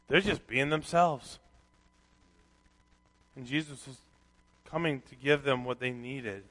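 A man preaching a sermon, reading scripture aloud and swinging from quiet reflection to loud, animated emphasis. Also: on the high side. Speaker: pastor. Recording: long hall reverb.

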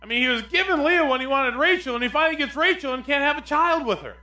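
A man preaching a sermon as pastor, animated, swinging between loud emphatic lines and quiet asides. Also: very high-pitched, fast talker, reverberant, low-quality recording.

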